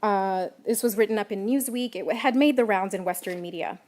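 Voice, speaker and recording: A woman journalist giving a prepared public talk, measured and emphatic, stressing key words. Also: mid-range voice, darkish tone. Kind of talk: prepared lecture.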